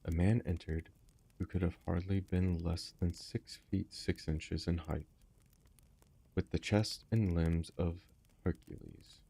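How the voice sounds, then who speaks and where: A man reads a classic story aloud at a measured pace. His voice is very low and gravelly, dark in tone and husky. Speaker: audiobook reader.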